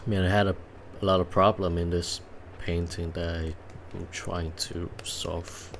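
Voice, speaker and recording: A man with a Vietnamese accent whose first language is Vietnamese, chatting casually with viewers while painting and speaking haltingly with many filler sounds. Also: deep voice, level tone, vocal fry, noisy background. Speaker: digital painting streamer.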